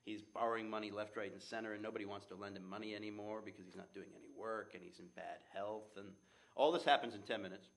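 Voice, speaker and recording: Brief: man with a lowish voice, an eager theater director telling stories in an interview. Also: fairly even intonation, fast, creaky. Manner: enthusiastic, storytelling. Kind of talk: interview answers.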